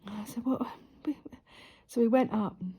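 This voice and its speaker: Middle-aged lady rambling on while sewing, husky mellow voice, lots of little whispers. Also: fairly high pitch, brisk. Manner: chatty rambling storyteller, drops into whispered asides. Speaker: sewing vlogger. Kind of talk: casual chat while sewing. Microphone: camera close in front.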